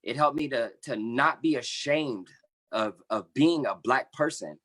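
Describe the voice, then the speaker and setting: A man in his thirties, a membership coordinator for an activist group, telling his personal story on an online panel in an earnest, impassioned way, with halting restarts. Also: mid-range voice, a bit bright.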